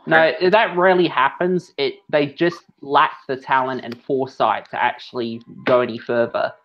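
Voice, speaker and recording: Aussie bloke on a stream, blunt opinions, kinda muffled sound. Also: male voice, mid-range voice, steady tone. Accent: Australian. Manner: halting, restarts, blunt opinions. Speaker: co-host. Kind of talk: casual livestream podcast chat. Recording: dull lo-fi audio.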